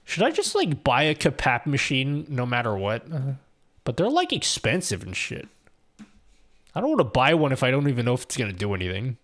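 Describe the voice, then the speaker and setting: A young man is live streaming, chatting loosely with viewers and reading their messages out loud, rambling and swearing with restarts and laughter. His voice is mid-pitched but swoops wildly, a little fast and slightly bright, with a laid-back feel.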